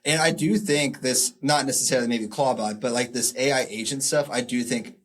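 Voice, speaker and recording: A man's voice: medium pitch, fairly quick. A man co-hosting a podcast in casual chat, joking at times and thinking aloud. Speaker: podcast co-host.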